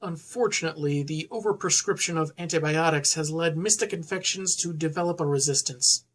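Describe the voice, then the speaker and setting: A woman with a somewhat low voice cuts in with snarky, exasperated quips. Her delivery is punchy and comedic. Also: brisk. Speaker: comic book reviewer. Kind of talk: comedic commentary.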